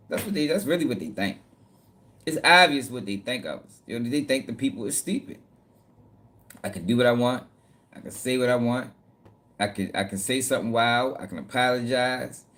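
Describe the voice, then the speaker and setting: Male host, blunt, slangy, profane, mid-pitched voice, casual news commentary. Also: fairly bright tone.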